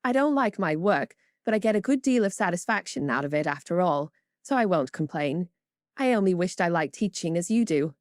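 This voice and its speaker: Female narrator as a bashful young governess, soft and earnest. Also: on the low side, lively intonation, fairly quick, no echo, clean studio sound, lightly acted. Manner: bashful, gentle.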